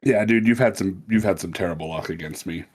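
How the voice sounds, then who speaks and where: A man with a very deep, low voice, trading jokes in casual podcast banter and laughing often. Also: fast, a little mellow, husky. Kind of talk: casual chat.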